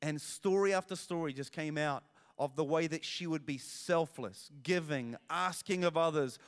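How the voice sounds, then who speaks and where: A man preaching a sermon as pastor, animated storytelling with self-deprecating asides. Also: fairly high pitch, moderate pace, clean tone, big-room sound.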